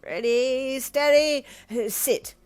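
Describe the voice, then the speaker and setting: A woman voicing a cheerful, frail old man of almost ninety who warbles his words slowly and cracks jokes. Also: mid-range voice, sing-song, fairly bright tone, soft background music, pitched above the performer's own voice. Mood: jolly. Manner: warbling, jokey, slow drawl. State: short of breath.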